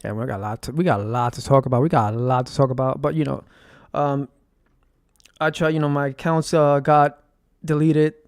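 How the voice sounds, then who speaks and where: A man's voice: medium pitch, fairly even intonation, fairly quick, darkish tone, smooth, no echo, clean studio sound. A man, a streamer, talking in a rambling, agitated monologue, cursing often and repeating himself with lots of fillers. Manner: rambling, profane, with frequent fillers and repeated phrases.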